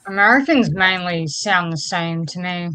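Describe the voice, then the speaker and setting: A woman with an Australian accent in a casual group voice chat. Her voice is bright and sharp and close to the mic, and she hesitates often, hunting for words. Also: on the low side, normal speed, smooth, no room sound, rough recording. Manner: hesitant, searching for words, many fillers.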